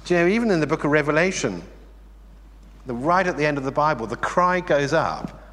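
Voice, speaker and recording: Animated preacher in a reverberant hall. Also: male voice, a little high, a little fast. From England. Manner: animated, conversational, rhetorical questions. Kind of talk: sermon.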